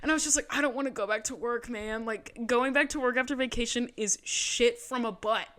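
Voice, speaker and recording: A young woman co-hosting a podcast in casual, animated chat, swearing freely and laughing often. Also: a little high, fairly quick. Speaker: podcast co-host.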